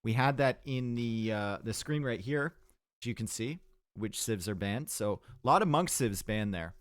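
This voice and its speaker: A man's voice: on the low side, animated, moderate pace, no echo. A man with a Canadian accent giving upbeat, chatty live commentary on a strategy game match and answering his chat. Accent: Canadian English. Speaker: game caster.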